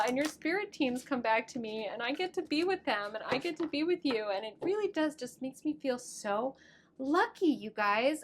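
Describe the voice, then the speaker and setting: A woman's voice: fairly high pitch, expressive, moderate pace, fairly bright tone, a little hiss or hum. A woman in her thirties giving a casual tarot reading to camera, talking in an affectionate, gushing way. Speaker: tarot reader.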